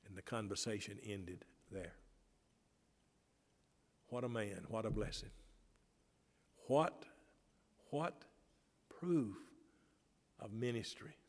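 Preacher, mid-pitched man, fervent swings from soft tales to loud appeals, echoing sanctuary. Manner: impassioned preaching, swinging between loud calls and quiet storytelling. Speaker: pastor. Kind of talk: Baptist sermon. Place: church sanctuary. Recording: long reverb in a church hall.

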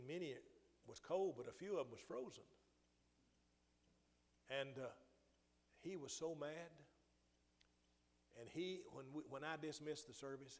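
An older man preaching a sermon, telling a personal story with restarts and rising emphasis. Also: medium pitch. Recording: long hall reverb.

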